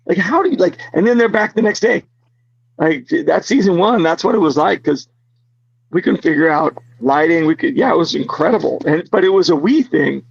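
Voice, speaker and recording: A man being interviewed as an actor guest, telling stories in an animated way, laughing often and full of fillers. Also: on the high side, moderate pace, gravelly, slightly rough, dry recording, lo-fi sound. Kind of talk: casual interview storytelling.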